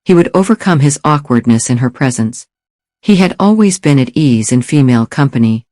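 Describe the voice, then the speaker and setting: A man narrating an audiobook thriller in steady, even storytelling. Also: mid-range voice, dry recording, studio quality. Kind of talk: scripted narration.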